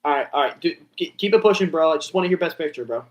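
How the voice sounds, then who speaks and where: A man's voice: fairly high pitch, animated, very fast. A young man chatting casually to himself and viewers as he reacts live, rambling and saying bro and dude. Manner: rambling, self-talking, says bro and dude. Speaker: vlogger reacting to an awards show.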